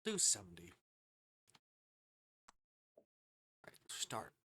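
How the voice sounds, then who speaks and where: A man's voice: sits low, wildly swooping pitch, extremely slow, sharp tone, slightly rough, dry recording. Muttering man streaming a game. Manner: muttering and swearing at lag, puzzled questions. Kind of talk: casual live-stream gaming talk.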